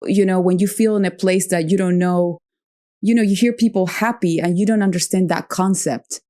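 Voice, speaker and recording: A woman's voice: fairly low pitch, fairly even intonation, moderate pace, dark tone. A woman hosting a podcast who talks reflectively, searches for her words and laughs easily. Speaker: podcast host. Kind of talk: reflective interview conversation.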